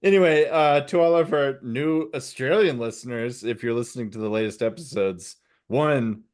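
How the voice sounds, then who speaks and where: A man's voice: mid-range voice, moderate pace, a little mellow, clear, resonant tone. A sleepy man co-hosting a casual comedy podcast, rambling and self-deprecating, tripping over his words. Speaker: co-host.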